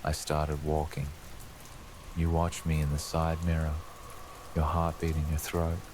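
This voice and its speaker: A man narrating a scripted horror story for sleep, telling it slowly and ominously as a lurking presence speaking to the listener. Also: very deep voice, completely flat delivery, background noise.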